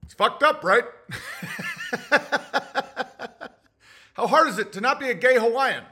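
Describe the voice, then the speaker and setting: A man's voice: extremely high pitch, animated, slow pace, pushed and bright, heavily acted. A man doing a parody impression of an older former president in a matter-of-fact, musical cadence. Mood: sly. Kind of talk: crude parody monologue.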